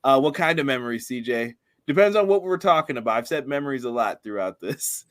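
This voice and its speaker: A man's voice: mid-range voice, lively intonation, a little fast, fairly bright tone. A man co-hosting a casual wrestling review podcast, laughing often and reading out viewer comments. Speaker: podcast co-host.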